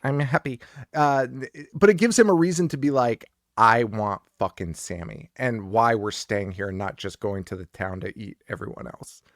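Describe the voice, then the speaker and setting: A man co-hosting a podcast, chatting casually and excitedly about a horror movie, swearing often. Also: mid-range voice, normal speed, no room sound, clean studio sound. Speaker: podcast co-host.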